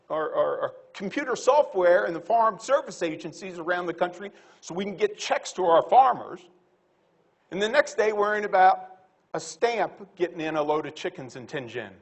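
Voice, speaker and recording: A man speaking as a panelist at a livestock conference, blunt and folksy, animated, with quick quips. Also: high voice, breathy edge.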